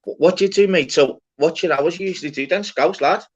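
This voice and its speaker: A man's voice: a little high, fairly quick. A man hosting an open-panel live stream, chatting casually with slangy, swearing banter. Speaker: livestream host. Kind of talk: casual chat. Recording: dull lo-fi stream audio.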